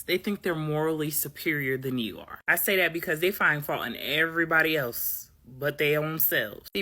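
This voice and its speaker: Woman, low-pitched but bright and sharp, sassy and blunt, motivational talk to camera. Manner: blunt, sassy, acts out dialogue in high voices. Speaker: commentator.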